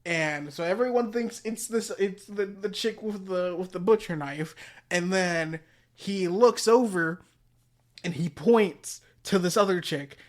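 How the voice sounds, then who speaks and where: A man's voice: high voice, measured pace. Slangy man casually retelling a story. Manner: slangy, rambling with restarts. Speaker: podcast host.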